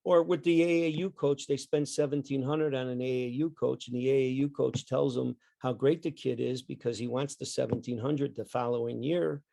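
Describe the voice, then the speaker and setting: A man's voice: medium pitch, fairly even intonation, fairly quick, gravelly, few pauses, dark tone, dry recording. An older man, a retired coach, telling stories in a rambling casual chat, often repeating words. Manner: rambling, repeats words, acts out his dad in the story. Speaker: guest, retired basketball coach.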